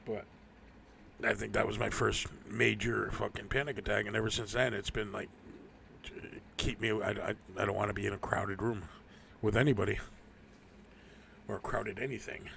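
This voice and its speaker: A man's voice: fairly low pitch, steady tone, normal speed, creaky, long pauses, a bit bright, a little hiss or hum. A man hosting a live stream, rambling through a casual, profane rant and laughing often. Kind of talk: casual ranting monologue.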